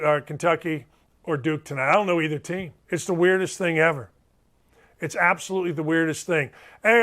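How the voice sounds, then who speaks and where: A middle-aged man with a fairly high speaking voice hosts a sports talk show. He talks bluntly and emphatically and hammers his points home by repeating them. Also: pushed and bright.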